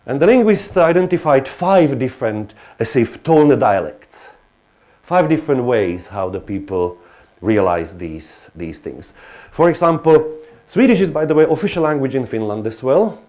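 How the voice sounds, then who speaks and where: A man's voice: mid-range voice, very animated, moderate pace, mellow. Hesitant male lecturer. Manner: hesitant, many restarts and fillers. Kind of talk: academic lecture.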